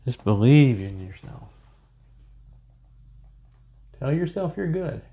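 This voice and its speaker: Painting instructor, man, mellow low voice, rambling and self-mocking, dull lo-fi sound. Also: big pitch swings, normal speed. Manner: chatty, self-joking, rambling asides. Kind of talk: casual painting tutorial.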